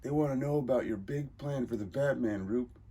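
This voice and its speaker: A man's voice: medium pitch, moderate pace, dark tone, slightly rough, voice pushed up, close to an everyday voice. A man doing a blunt gangster sidekick. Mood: pushy. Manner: blunt street talk. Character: gruff middle-aged male gangster sidekick. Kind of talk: comic book reading with voices.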